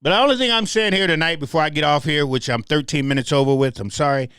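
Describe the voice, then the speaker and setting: A man's voice: fairly high pitch, fast talker, a bit bright, clean tone, no echo, clean studio sound. A middle-aged man from Memphis with a Southern accent, hosting a passionate commentary show and talking straight to his audience. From Memphis, Tennessee. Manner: passionate, repeats words, speaks to the audience directly. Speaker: host. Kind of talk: livestream commentary.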